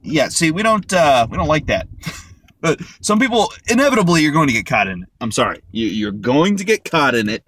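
A man's voice: a little high, very animated, fairly quick, a bit bright. A man giving a casual comedic monologue, rambling and joking with some profanity. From United States. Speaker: vlogger.

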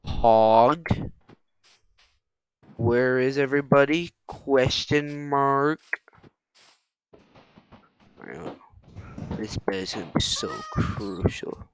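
Excitable man swearing through gameplay. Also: medium pitch, slow pace, pauses often, slight background noise. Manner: excitable, swears often, talks to chat. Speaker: gaming streamer. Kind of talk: let's-play commentary. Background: background music.

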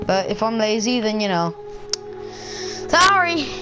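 Young woman, let's-play commentary, rambling and giggly, fairly high voice, music behind. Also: sing-song, a little slow. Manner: rambling, giggly, crude jokes, talks to herself. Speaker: gameplay commentator.

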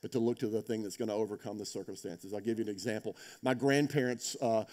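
A male pastor preaching a sermon in a conversational storytelling way, rising to loud emphasis and dropping to quiet, intense moments, often checking in with "right?". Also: on the low side, fairly even intonation, fast talker.

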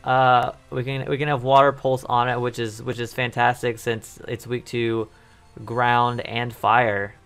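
A man commentating his own video game run in a casual, rambling way, often repeating himself as he thinks aloud. His voice is wearing thin and going hoarse. Faint game music sits behind him. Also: mid-range voice, little pitch movement, measured pace, a bit bright. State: losing his voice. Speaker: let's play host.

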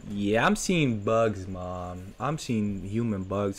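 A man's voice: on the low side, takes it slowly, slight background noise. A man commentating a horror game let's play, joking and talking back to the characters on screen. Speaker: gaming streamer.

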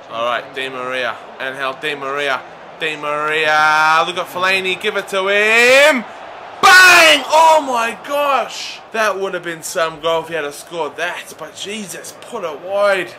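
A young man commentating live over a video game, chatting to viewers and shouting when play gets exciting. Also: on the high side, a little slow, noisy background. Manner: chatty, addresses viewers as lads. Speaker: gaming YouTuber.

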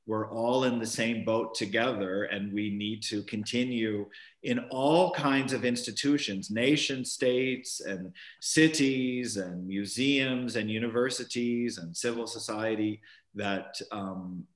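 A man's voice: lowish voice, slow. A man, a professor and commentator, giving unscripted webinar remarks over a video call, hesitant with many fillers and restarts. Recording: roomy video-call audio.

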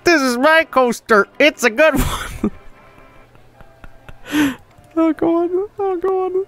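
Excitable male game streamer with a high, lively voice, unhurried delivery, full of laughs and curses. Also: faint music behind. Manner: excitable, frequent laughter and swearing. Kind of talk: casual game stream commentary.

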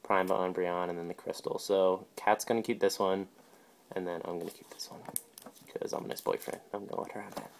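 A man casually opening a pack of trading cards on camera, calling out each card name in quick, offhand bursts. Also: deep voice, flat delivery, slight background noise. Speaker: video host.

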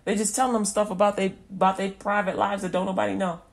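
Fervent woman preaching, hushed to loud. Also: mid-range voice, little pitch movement, fast. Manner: swings from hushed murmurs to loud emphatic bursts; repeats and restarts phrases fervently. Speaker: radio preacher. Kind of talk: impassioned spoken testimony.

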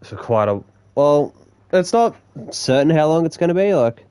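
A young man streaming a game, chatting casually with viewers in a rambling, relaxed way, swearing now and then and restarting his sentences. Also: fairly high pitch, normal speed, smooth. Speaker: gaming streamer. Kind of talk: casual live-stream chat while gaming.

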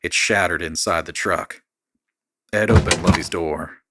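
A man reading a dark horror story in a steady, measured narrating voice. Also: deep voice, heavy background noise.

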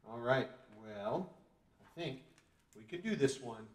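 Expressive and a little slow, a father with a mid-range voice reads a storybook aloud to kids. He plays it goofy, groaning and joking as he tries each pose in a playful storytime with exercises. He's far from the mic, surrounded by roomy echo and a bit off-mic.

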